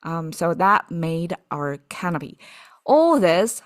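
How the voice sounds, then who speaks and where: Woman, language teacher, casual lesson, lowish voice, slow delivery. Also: big pitch swings. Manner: thinks aloud, frequent "okay" and "right" checks, laughs at own theories. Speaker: Chinese vocabulary teacher.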